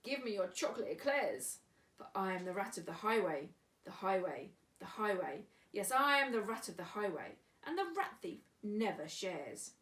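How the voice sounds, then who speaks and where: A woman doing a greedy bully rat highwayman. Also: very animated, moderate pace, distant mic. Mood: bossy. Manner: loud, demanding chant. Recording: echoey room, away from mic.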